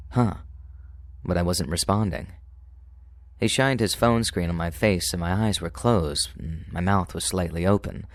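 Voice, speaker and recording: A man narrating true paranormal stories in a calm, steady, scripted way. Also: deep voice, no echo. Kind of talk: scripted horror story narration.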